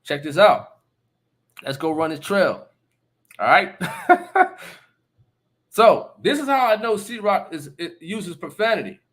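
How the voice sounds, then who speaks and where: An emphatic man hosts a casual live stream, his voice sitting a bit higher than most men's. He keeps checking in with his listeners, asking whether they understand, and breaks into short laughs between remarks. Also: very animated, slow, pauses often, fairly bright tone. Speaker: livestream host.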